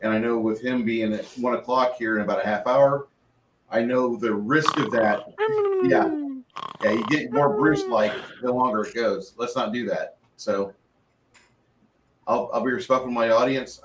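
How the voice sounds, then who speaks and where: Heard from a distance in an echoey room with a little noise, a man who ran a tabletop game chats casually afterward. His voice is on the low side and steady at a moderate pace, and he talks in an earnest, rambling manner with frequent sentence restarts.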